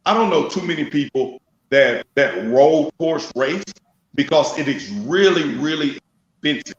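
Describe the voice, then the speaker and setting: Gravelly high-voiced man on a call. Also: echoey room, dull audio. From Memphis, Tennessee. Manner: animated storyteller, laughs often. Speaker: guest drag racer. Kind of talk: casual chat.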